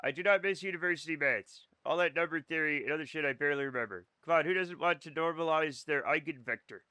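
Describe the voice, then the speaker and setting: A man's voice: fairly high pitch, fast, sharp tone, smooth, dry recording. A young man streaming a game, chatting casually and sarcastically with his chat and swearing now and then. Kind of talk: casual chat reading live chat while gaming.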